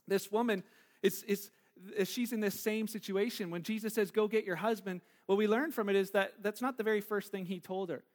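A middle-aged man preaching a sermon to a congregation in a relaxed, conversational way, often acting out the people in the story. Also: sits high, a little fast. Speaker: pastor. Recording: long hall reverb.

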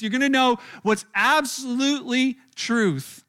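A man preaching a sermon to a church room, telling the story in an animated way and acting out the voices of the people in it. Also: high-pitched, a little fast. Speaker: pastor.

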